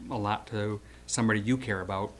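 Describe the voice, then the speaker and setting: A man's voice: lowish voice, steady tone, fast, slight background noise. A man around seventy reading a prepared eulogy for an old friend, hesitant at first and then telling stories with acted-out quotes.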